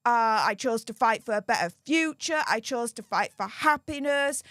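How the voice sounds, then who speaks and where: A woman's voice: a little high, animated, normal speed, fairly bright tone, no echo, clean studio sound. A woman hosting a live-stream commentary, chatty and gushing in her thanks to viewers. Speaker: livestream commentary host.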